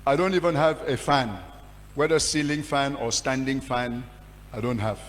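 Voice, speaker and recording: A man, a pastor giving a testimony sermon with passionate storytelling that surges in pitch and volume. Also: moderate pace. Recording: long hall reverb with faint hum.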